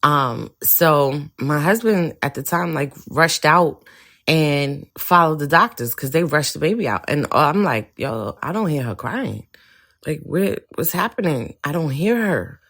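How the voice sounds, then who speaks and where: A woman's voice: deep voice, a bit bright. A woman host candidly recounting a personal story, slipping into quoted voices and laughing now and then. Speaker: podcast host.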